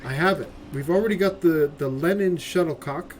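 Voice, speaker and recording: A man's voice: on the high side, normal speed, slight background noise. A man giving casual gameplay commentary as a streamer, chatty and profane, often tagging his lines with "right?". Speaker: game streamer. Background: game music.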